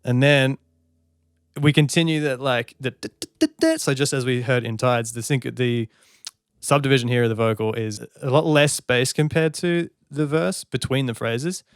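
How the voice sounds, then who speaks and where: Man analysing songs, smooth clear voice, dry close sound, sings snippets to demonstrate. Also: medium pitch, steady tone, moderate pace, dry recording. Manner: breaks off to sing and count beats to demonstrate. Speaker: songwriter reacting to an album. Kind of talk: music analysis commentary.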